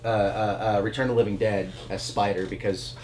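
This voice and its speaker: A man co-hosting a podcast in casual chat, telling animated stories and acting out quotes. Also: fairly quick, slight background noise. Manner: animated storyteller, acts out quotes in high voices. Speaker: podcast co-host.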